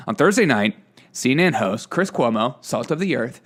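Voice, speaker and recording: Reading headlines with sarcastic remarks and frequent laughter between items, a man hosts a casual news commentary show. He speaks at normal speed with a medium, slightly bright pitch that swings widely.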